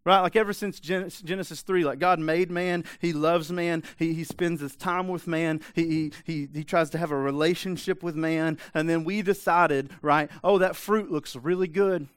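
A male pastor preaches emphatically in a conversational way, now and then dropping into quiet, intense asides. His voice is slightly high and smooth and clear. It is recorded close, with a dry sound. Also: fairly even intonation, moderate pace, few pauses, no echo. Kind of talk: sermon.

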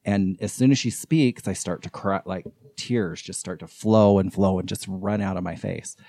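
A man's voice: low voice, normal speed, no room sound, studio quality. A man on a podcast telling a long personal story about a strange night, acting out the voices of the people in it. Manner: animated, acts out quoted voices. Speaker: podcast guest. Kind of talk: casual storytelling.

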